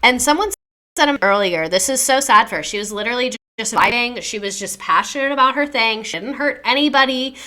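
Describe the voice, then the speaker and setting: A young woman with a bright, forward voice tells a true-crime story in a casual, slangy way. She moves between reading out facts and chatting with her viewers. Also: medium pitch. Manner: chatty, slangy, reacting to chat.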